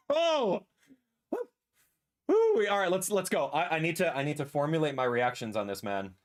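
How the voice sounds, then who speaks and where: A young man streaming a live reaction, ranting and exasperated, with sudden loud outbursts. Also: fairly high pitch, fast. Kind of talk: casual livestream reaction.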